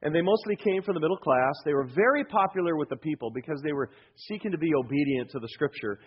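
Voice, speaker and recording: A male pastor preaching a sermon in a church, emphatic, moving between loud urging and low, hushed points. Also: quick pace, husky, lo-fi sound. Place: church sanctuary.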